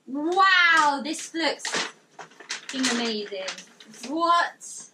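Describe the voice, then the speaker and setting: A woman's voice: high-pitched, lively intonation, measured pace, distant mic, noisy background. A young woman in her bedroom, gushing and exclaiming as she unboxes gifts and reads notes aloud. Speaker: vlogger. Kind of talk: excited unboxing vlog.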